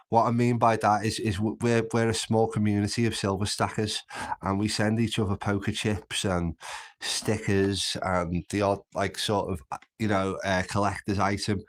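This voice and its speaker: A man from Birkenhead with a Scouse accent, hosting a casual livestream and chatting through comments with easy laughs. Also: on the low side. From Birkenhead, England. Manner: chatty, laughs easily, frequent restarts. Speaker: livestream host. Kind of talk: casual live chat reading comments.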